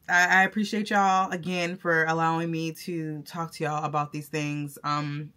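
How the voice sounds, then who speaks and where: Bright-voiced woman vlogging, effusive. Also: deep voice. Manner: effusive and emotional, talks straight to viewers; chatty with many fillers and restarts. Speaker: vlogger and content creator. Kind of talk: casual vlog talk to camera.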